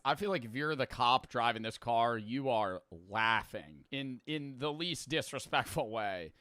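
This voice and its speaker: Male streamer, casual reaction talk, bright crisp voice, dry close mic. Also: mid-range voice, a little slow, few pauses, no echo. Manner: animated, joking, with quoted asides.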